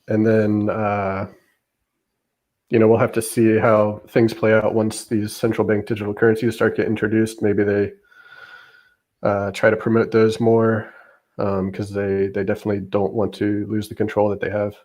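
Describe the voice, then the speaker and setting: A man on a discussion panel, talking casually and haltingly with many fillers. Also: on the low side, monotone, a little mellow. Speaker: panel guest.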